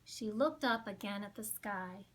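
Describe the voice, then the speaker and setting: A woman librarian reading a children's picture book aloud at storytime, slow and expressive. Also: mid-range voice.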